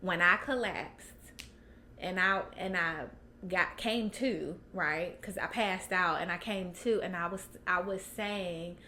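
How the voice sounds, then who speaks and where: Bright-voiced woman sharing her story. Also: lowish voice, slow, slight background noise. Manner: animated, laughs often, many restarts and fillers. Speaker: podcast guest. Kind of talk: candid personal chat.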